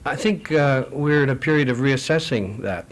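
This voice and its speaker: A middle-aged man speaking at a foreign affairs forum, answering audience questions in a measured, anecdotal way with frequent restarts. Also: mid-range voice.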